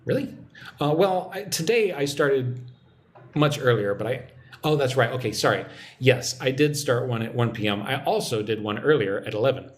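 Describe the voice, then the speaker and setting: A man giving a live-streamed English lesson, relaxed and chatty as he reads out viewer comments. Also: mid-range voice, normal speed, slight background noise. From United States. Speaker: English teacher.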